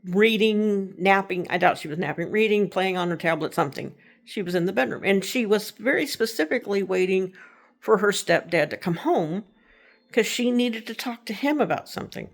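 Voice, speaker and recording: A woman's voice: medium pitch, animated, normal speed, vocal fry. A middle-aged woman casually telling a personal ghost story, rambling and correcting herself as she goes. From Texas. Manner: rambling, self-correcting, conversational.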